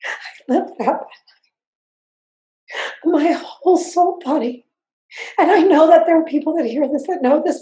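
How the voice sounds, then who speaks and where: Older woman, fairly high and mellow voice, intense halting testimony, echoey room. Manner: earnest, intense, halting with repeats. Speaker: interview guest. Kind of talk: personal testimony. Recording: roomy echo.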